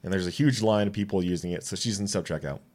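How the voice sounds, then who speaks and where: Low-voiced man in his twenties telling stories. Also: fast talker. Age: 20s. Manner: animated, acts out quoted dialogue, swears freely. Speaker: podcast guest. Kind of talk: casual storytelling.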